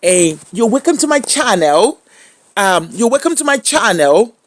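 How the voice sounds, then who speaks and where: A man imitating a newsreader with an exaggerated put-on foreign accent, drawing his words out slowly. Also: high voice, big pitch swings, a bit bright, no echo, pitched above the performer's own voice, full character voice. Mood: mock-formal. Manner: slow, drawn-out, exaggerated pronunciation.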